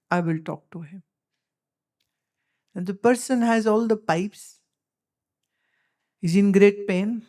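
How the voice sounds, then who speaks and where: Emphatic Indian English woman teaching. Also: mid-range voice. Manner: emphatic, rhetorical questioning, lecturing. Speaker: spiritual teacher. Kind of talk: spiritual discourse to followers.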